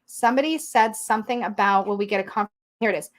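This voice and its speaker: A young woman hosting a casual livestream, chatty and excitable, reading out viewer comments as she goes. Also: medium pitch, fast talker. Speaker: tarot livestream host.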